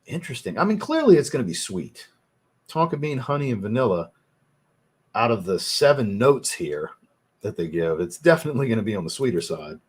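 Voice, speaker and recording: A man hosting a casual fragrance livestream, thinking out loud and answering viewers' chat messages as he goes. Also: fairly low pitch, very animated, brisk, slightly rough.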